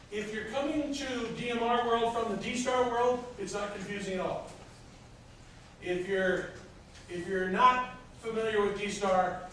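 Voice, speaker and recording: A man's voice: high voice, fairly bright tone. Man lecturing in an echoey classroom. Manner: explains step by step with frequent hesitations. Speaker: instructor. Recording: echoey room from far off, faint noise.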